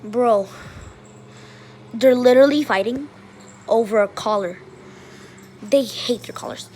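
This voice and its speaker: High-voiced, excitable young woman. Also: measured pace, a little hiss or hum. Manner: excitable, shrieks and gasps, keeps exclaiming. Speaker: vlogger filming her puppies. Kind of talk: casual excited commentary.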